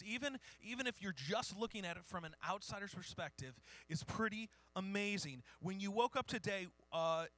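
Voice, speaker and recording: Male pastor, high bright voice, dry close sound; relaxed sermon delivery with read-out quotes. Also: no room sound. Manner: informal, self-deprecating, reads historical quotes.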